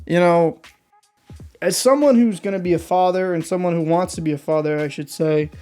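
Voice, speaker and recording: A man's voice: high-pitched, moderate pace, a little mellow, clear, resonant tone, soft background music. A young man hosting an opinion vlog, talking in a blunt, heated and combative way. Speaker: vlog host. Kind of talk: opinion commentary rant.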